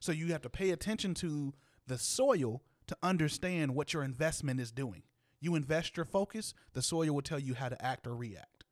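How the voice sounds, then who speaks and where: A man's voice: on the high side, moderate pace, dry recording, clean studio sound. A man co-hosting a casual chat, playful and slangy, laughing often. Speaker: podcast co-host.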